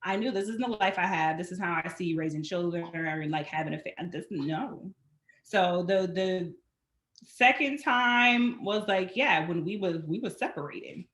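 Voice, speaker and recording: A woman guest in a casual chat, telling stories in an animated way and acting out what people say. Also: on the low side, a little slow, echoey room. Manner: animated, acts out quotes in her storytelling. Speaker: podcast guest.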